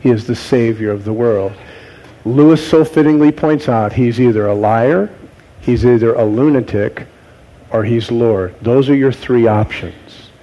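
A man preaching a sermon, posing rhetorical questions to his congregation and dropping to low, quiet tones for emphasis. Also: a little slow, dull audio. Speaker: pastor.

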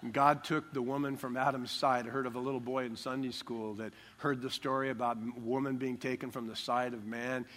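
A man's voice: mid-range voice, level tone, brisk, few pauses, fairly bright tone, a little hiss or hum. An older man preaching a sermon as pastor, emphatic and joking, stressing key words.

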